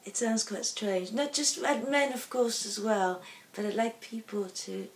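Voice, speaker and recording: A woman's voice: mid-range voice, measured pace, roomy sound, distant mic. A woman singer-songwriter answering interview questions casually and hesitantly, often searching for her words.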